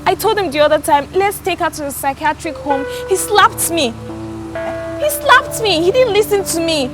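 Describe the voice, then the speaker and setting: An earnest young student sister. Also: female voice, extremely high pitch, expressive, normal speed, over music, low-quality recording. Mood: pleading. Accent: Nigerian. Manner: pleading, earnest. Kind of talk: film drama acting.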